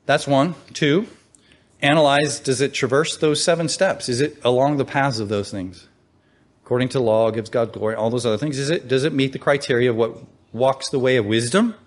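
A man's voice: mid-range voice, moderate pace. A man teaching from the Bible in a conversational way, asking rhetorical questions and reading scripture aloud.

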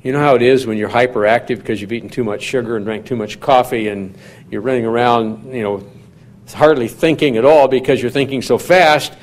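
A man preaching a sermon in a measured, teaching manner, putting questions to his listeners. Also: mid-range voice. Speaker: pastor.

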